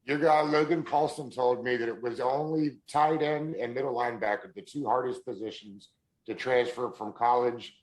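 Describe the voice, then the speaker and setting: A man hosting a sports podcast, asking his guest questions in a relaxed, conversational way. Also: mid-range voice, moderate pace, low-quality recording. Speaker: podcast host. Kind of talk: casual podcast interview.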